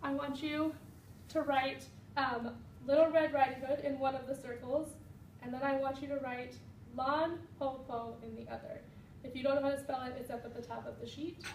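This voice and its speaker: Young woman teacher, high and echoey. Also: fairly even intonation, normal speed, a little mellow. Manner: patient instructions with fillers. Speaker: student teacher. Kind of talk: reading aloud to a class. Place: classroom. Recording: roomy, distant, faint room noise.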